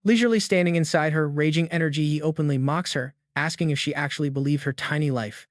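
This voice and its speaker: A man giving a scripted story recap in an even, steady reading, voicing the dialogue quotes in the same plain tone. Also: a little high, quick pace, no echo, clean studio sound. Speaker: recap narrator.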